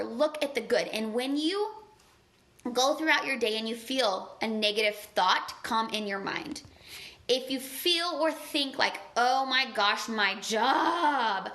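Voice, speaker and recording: A woman's voice: on the high side, a bit bright. A woman giving an earnest, conversational motivational talk on a live stream, gushing and chatty and filling her speech with "like.". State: tearful at times. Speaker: motivational speaker.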